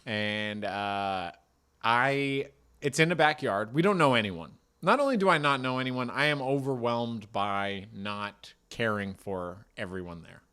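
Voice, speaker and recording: A young man spinning a long, rambling story about himself on a podcast. He pokes fun at himself and drops in casual swear words. His pitch sits right in the middle for a man. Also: expressive, unhurried, sharp tone, clear, resonant tone. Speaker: podcast co-host telling a story.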